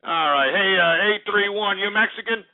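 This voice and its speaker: Brash male radio host, high voice, phone-like sound, faint music behind. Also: normal speed, gravelly. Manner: brash, mocking, rambling. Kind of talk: call-in radio talk.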